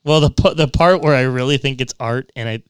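Podcast guy hyping up a movie, smooth clear voice, dry close mic. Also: mid-range voice, brisk, dry recording. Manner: enthusiastic, chatty, filler-heavy. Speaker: podcast co-host. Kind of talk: casual movie review chat.

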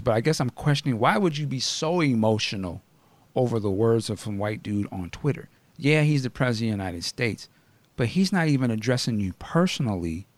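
A man hosting a podcast in casual chat, blunt and animated, often laughing and asking questions. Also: medium pitch, no room sound. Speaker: podcast host.

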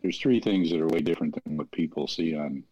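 Low, dark-voiced middle-aged man. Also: brisk, a little hiss or hum. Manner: earnest, plain-spoken, acts out family dialogue. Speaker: interventionist. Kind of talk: explaining his work in an interview. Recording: dull lo-fi audio.

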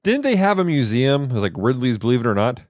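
Brief: male co-host, animated goofball, trips over words, dry mic. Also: medium pitch, fast, no room sound. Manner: goofy, stumbles over words, wisecracks. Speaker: podcast co-host. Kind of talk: casual comedic movie review chat.

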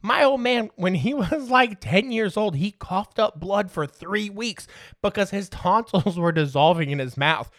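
A man's voice: high voice, expressive, unhurried, a bit bright, dry recording, clean studio sound. A man in his thirties hosting a podcast, telling casual stories, swearing freely and laughing through them. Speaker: podcast host. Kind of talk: casual storytelling.

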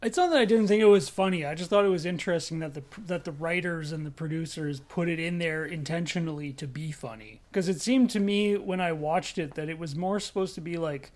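A man co-hosting a podcast in casual chat. His voice sits somewhat high for a man, and he talks hesitantly with plenty of fillers. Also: fairly quick, hardly any pauses, a little mellow. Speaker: podcast co-host.

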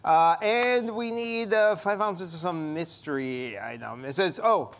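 A man co-hosting a live comedy show, playing along in a skit with playful, excitable energy. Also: a little high, measured pace. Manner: playful, excitable, laughing often. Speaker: co-host.

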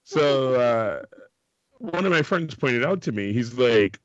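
A man co-hosting a podcast in loose, casual chat. He laughs a lot, swears freely and slips into quick voices for the people he quotes. The sound is slightly dull and dry. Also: mid-range voice, lively intonation, dry recording. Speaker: podcast co-host.

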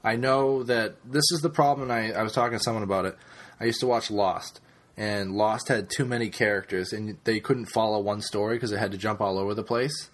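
A man's voice: lowish voice, brisk, a bit bright. A man co-hosting a casual podcast chat, talking in a loose, rambling way with frequent ums. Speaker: podcast co-host.

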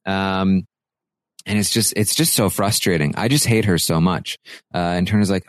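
A man's voice: deep voice, dry recording, studio quality. A man hosting a podcast, casually recapping a reality show and paraphrasing what the houseguests said, with plenty of fillers. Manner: retells houseguests' talk in quick paraphrased quotes, with fillers.

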